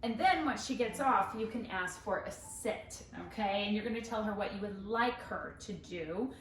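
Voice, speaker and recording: A woman's voice: animated, normal speed, slight background noise. A woman dog trainer explaining and demonstrating in a chatty, upbeat way. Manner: chatty, upbeat, switches to high praise voice with the dog. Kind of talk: instructional dog training demo. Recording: roomy echo, voice from a distance, faint music.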